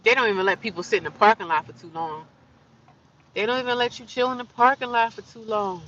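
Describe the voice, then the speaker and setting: A woman rambles casually to her livestream viewers from inside her car, her voice bright and sharp. The phone audio is dull and a little distant from the mic, with faint vehicle noise behind her. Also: on the high side, quick pace. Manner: chatty, rambling, talks to viewers. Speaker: livestreaming vlogger. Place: inside a parked or slowly driving car.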